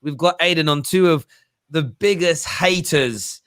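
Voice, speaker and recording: A man hosting a casual football chat, joking and telling stories in an animated way. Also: a little high, measured pace, dry recording, clean studio sound. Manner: animated, jokey storytelling. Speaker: host.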